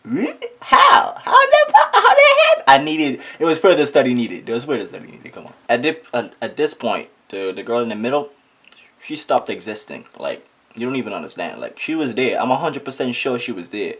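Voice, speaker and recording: Brief: young Trinidadian man, comic storyteller, animated and exaggerated, mid-pitched voice. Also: a little fast, husky. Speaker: comedic vlogger. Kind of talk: comedic storytime.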